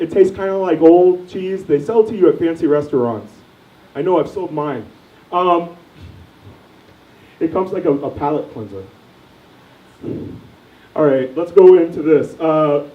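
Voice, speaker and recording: Heard through a distant mic, this young comedian's voice is a little high and warm. His stand-up is crude and rambling, full of questions for the crowd, in a lo-fi room with lots of echo.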